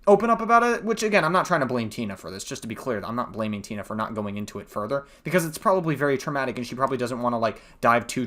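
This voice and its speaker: A man's voice: a little high, fairly bright tone. A man hosting a reaction commentary, heated and profane as he rants. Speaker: commentary host.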